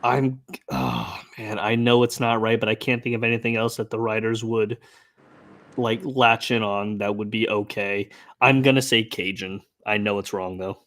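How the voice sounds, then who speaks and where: A man's voice: on the low side, moderate pace, fairly bright tone. A man co-hosting a casual live-stream trivia chat, thinking aloud with many ums and uhs. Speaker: trivia contestant and co-host.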